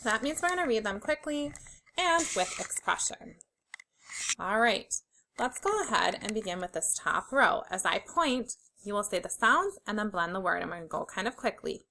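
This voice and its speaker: A young adult woman teaching a phonics lesson to young children, sounding out letters slowly and clearly with encouraging praise. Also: mid-range voice, lively intonation, sharp tone, a little hiss or hum, low-quality recording.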